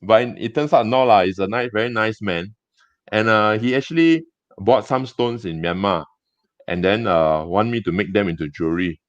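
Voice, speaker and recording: A man with a Singaporean English accent, a gem business owner telling stories in a casual interview, chatty and halting with many restarts. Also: lowish voice, no echo. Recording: dull dry lo-fi sound.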